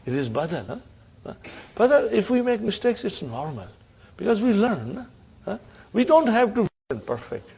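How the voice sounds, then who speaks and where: A man's voice: high voice, big pitch swings, moderate pace, creaky, darkish tone, breathy edge. A man teaching an Arabic grammar class, quizzing his students and checking in with a "huh?" between points. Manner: questioning students, frequent "huh?" and laughs.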